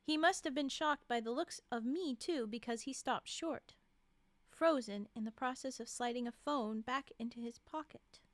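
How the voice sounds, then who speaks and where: Woman streamer reading holiday stories, giggly little asides, high voice, dry close sound. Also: moderate pace, no room sound. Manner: giggly, chatty asides between passages. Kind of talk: reading a storybook aloud with asides.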